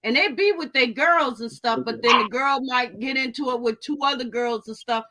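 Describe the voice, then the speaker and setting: A woman's voice: fairly high pitch, moderate pace, pushed and bright. A woman hosting a casual livestream chat. She talks in a chatty way, with lots of fillers and agreeing sounds. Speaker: host.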